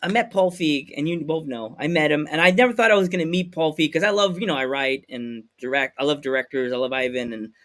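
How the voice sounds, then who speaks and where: High-voiced animated man telling stories. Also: quick pace, few pauses. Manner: animated, acts out voices in anecdotes. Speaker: podcast host. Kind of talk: casual storytelling chat.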